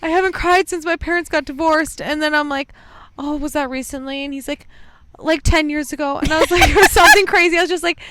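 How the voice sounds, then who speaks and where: A woman's voice: high-pitched, fast, pushed and bright, slight background noise. A young woman co-hosting a podcast, telling a bar story in casual chat, acting out quoted lines and saying "like" a lot. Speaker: podcast co-host.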